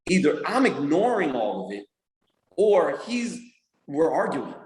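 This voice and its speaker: Man guest, animated storyteller, slightly high voice, echoey room. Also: unhurried, slight background noise. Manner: animated storyteller who does voices and laughs often. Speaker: podcast guest, music producer and manager. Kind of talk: casual interview chat.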